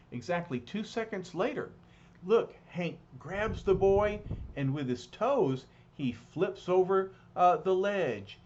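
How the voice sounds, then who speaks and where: Man reading a comic aloud, slow, hesitant. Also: high voice, animated, darkish tone. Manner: hesitant, with fillers and restarts. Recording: slightly dull, lightly noisy recording.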